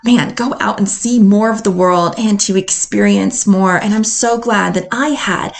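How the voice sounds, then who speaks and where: A woman's voice: medium pitch, a little slow, creaky. An American woman from North Carolina, a confidence coach hosting a solo podcast, talking in an upbeat, enthusiastic way and laughing often. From North Carolina, USA.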